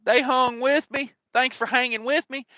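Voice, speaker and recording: Rambling high-voiced man. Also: fairly even intonation, moderate pace, bright, forceful tone, no echo. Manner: rambling, joking, lots of fillers and laughs. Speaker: trucking livestream host. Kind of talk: casual live-stream chat.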